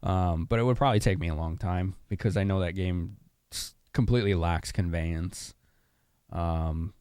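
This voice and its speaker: A man's voice: low voice, darkish tone, clear, resonant tone, no room sound, studio quality. A young man from Chicago streaming a game, chatting casually with viewers and laughing often. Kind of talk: casual live-stream commentary.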